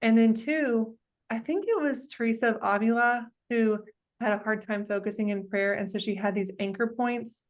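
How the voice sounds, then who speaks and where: A woman who works as a life coach, hosting a group and encouraging members in a warm, faith-centered way. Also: fairly high pitch, fairly even intonation, moderate pace. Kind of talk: supportive group coaching talk.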